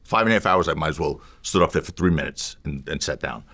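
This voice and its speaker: A defense lawyer as an interview guest, telling a story in an animated, emphatic way and repeating phrases to drive a point home. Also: male voice, extremely low pitch, quick pace, gravelly, slightly rough.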